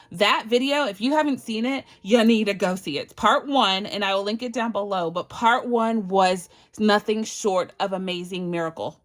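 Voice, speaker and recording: Excitable chatty woman from Barbados. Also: medium pitch. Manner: chatty, excitable, laughs often, counts bills aloud. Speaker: budgeting channel host. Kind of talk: casual cash-stuffing vlog.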